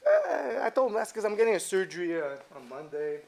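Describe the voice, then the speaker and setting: A man's voice: sits high, big pitch swings, brisk, creaky, a little mellow. A man who owns a jiu-jitsu gym, telling a story in a casual interview with swearing and laughter.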